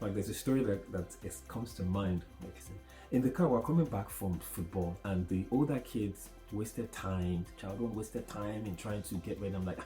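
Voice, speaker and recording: Guy co-hosting a podcast, lowish mellow voice, calm thoughtful storyteller. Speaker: podcast co-host. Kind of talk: casual podcast chat.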